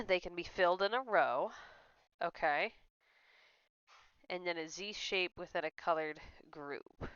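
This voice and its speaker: Gamer lady talking through her playthrough, smooth clear voice, dull dry mic. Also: on the low side, slow pace, a bit bright, no room sound. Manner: chatty, giggly, reads instructions aloud. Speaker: game streamer. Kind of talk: let's play commentary.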